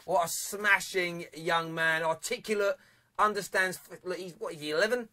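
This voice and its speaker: A man's voice: sits high, fairly even intonation, moderate pace, sharp tone. A young man hosting a live football phone-in, chatty and jokey, laughing often and reading viewer comments aloud. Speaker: phone-in show host.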